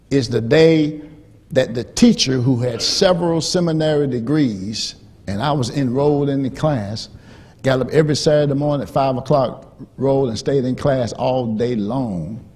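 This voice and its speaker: Husky-voiced, fiery preacher. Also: male voice, medium pitch, animated, normal speed. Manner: emphatic preacher, repeats phrases, swings from hushed storytelling to rising shouts. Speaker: pastor. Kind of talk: sermon.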